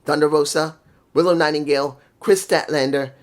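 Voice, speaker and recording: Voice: medium pitch, steady tone, moderate pace, a little hiss or hum. A wrestling show reviewer in a casual review vlog, ranting with real heat and cursing freely. The delivery stays worked up and blunt, pushing point after point. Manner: heated, profane ranting.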